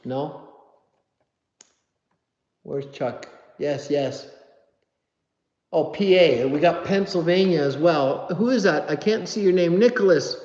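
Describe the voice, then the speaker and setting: A man's voice: a little high, lively intonation, unhurried, pauses often, a little mellow. A man hosting a casual live stream, chatting with viewers, reading their comments aloud and joking about his own memory. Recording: dull, roomy audio with long reverb.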